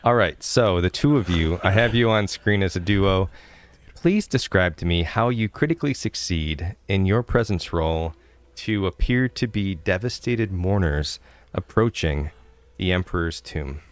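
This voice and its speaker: A man running a tabletop game as game master, explaining rules in a relaxed, chatty way. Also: deep voice, measured pace, no echo.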